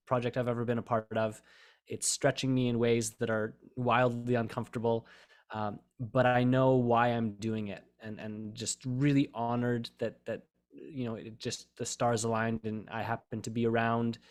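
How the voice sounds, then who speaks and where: A man speaking as a project collaborator at an online summit, thoughtful and earnest. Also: medium pitch. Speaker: co-creator and guest speaker. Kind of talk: casual talk at an online summit.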